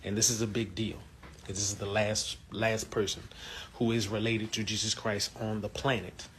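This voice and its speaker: A man casually explaining a film scene and its premise in a relaxed way, with some fillers. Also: on the low side, moderate pace, slight background noise. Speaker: movie commentator. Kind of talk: casual spoken film commentary.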